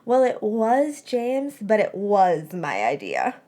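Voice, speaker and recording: A woman's voice: medium pitch, wildly swooping pitch, takes it slowly, mellow. A woman voicing a teenage boy wizard who is wry and teasing, with a dry, joking, mock self-pitying manner.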